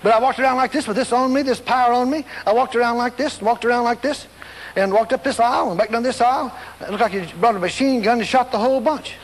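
A man's voice: very high-pitched, quick pace, in a large hall, a little hiss or hum. A man preaching a storytelling sermon, acting out scenes and voices and laughing along as he goes.

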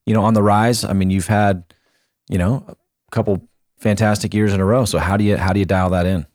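A man hosts a morning radio talk show in the studio, his voice on the low side. He jokes along in short punchy bits. The sound is dry and close on the mic. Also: fairly even intonation, fairly quick, darkish tone, no room sound. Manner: upbeat, jokey, talks in short punchy bits. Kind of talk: casual morning radio chat.

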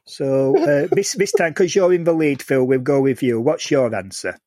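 A man's voice: mid-range voice, animated, normal speed, dark tone, no echo, clean studio sound. A man hosting a casual podcast quiz, reading out questions and multiple-choice options with frequent laughs. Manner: reads questions and options clearly, laughs often.

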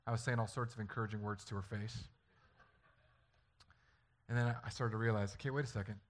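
A man's voice: on the low side, steady tone, fairly quick, long pauses. A man preaching a sermon as a pastor, talking earnestly and conversationally and acting out stories from family life.

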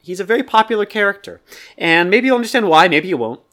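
A man's voice: high-pitched, expressive, fast talker, sharp tone. A man co-hosting a podcast, playfully explaining trivia at length in casual chat. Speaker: podcast co-host.

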